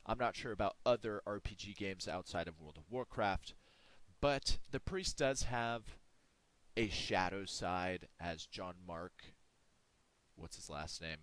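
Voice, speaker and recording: Slow, mock-preachy man. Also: low voice, fairly bright tone, smooth, no room sound. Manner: mock-preachy, dramatic pauses, drawn-out emphasis. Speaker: video creator ranking game classes. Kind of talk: comedic monologue to camera.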